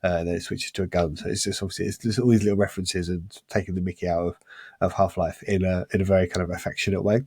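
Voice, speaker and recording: A man's voice: deep voice, fairly even intonation, fast talker, a little mellow, slightly rough, dry recording, clean studio sound. A man co-hosting a casual podcast, talking enthusiastically and rambling with restarts. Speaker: podcast co-host.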